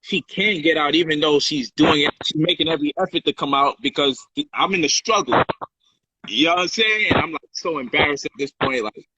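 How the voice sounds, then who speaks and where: A man casually telling a personal story on a livestream, animated and profane, loudly acting out heated quotes. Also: fairly high pitch, a little fast, slightly rough, no echo, muffled recording. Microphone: phone or livestream mic.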